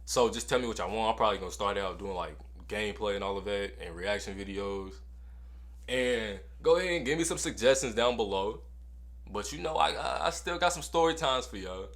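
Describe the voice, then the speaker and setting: A man's voice: fairly low pitch, fairly quick. Young man telling a slangy story. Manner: animated, slangy, repeats phrases for effect. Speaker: storytime vlogger. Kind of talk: casual storytelling to camera.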